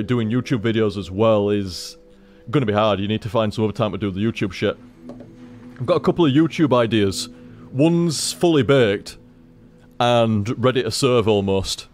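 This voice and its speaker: A man chats loosely to his stream audience from his computer at home, in a middling-pitched voice. He swears freely, circles back and repeats his phrases, and a little music sits faintly underneath. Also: darkish tone. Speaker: game streamer. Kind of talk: rambling casual chat to stream viewers.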